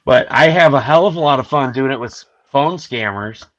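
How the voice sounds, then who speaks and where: A man's voice: medium pitch, normal speed, fairly bright tone, dull audio. An American man on a panel show, telling a crude story casually and putting on voices for the people he quotes. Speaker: podcast panelist.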